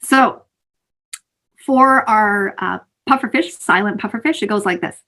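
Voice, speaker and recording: A woman teaching children mindfulness breathing over a video call, in an animated, sing-song way. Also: mid-range voice, unhurried. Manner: animated, sing-song, calls kids sweethearts. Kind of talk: teaching kids breathing exercises. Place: home, virtual session.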